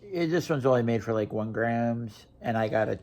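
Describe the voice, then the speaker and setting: A man's voice: medium pitch, moderate pace, a little mellow. A young man from Wisconsin, ranting casually to camera with blunt, profane talk and lots of restarts. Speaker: vlogger.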